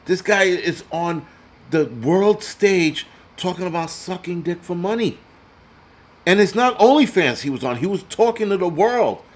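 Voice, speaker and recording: A man's voice: high-pitched, sing-song, moderate pace. Crude ranting male prepper host. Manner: reads donor names aloud. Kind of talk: profane live-stream commentary.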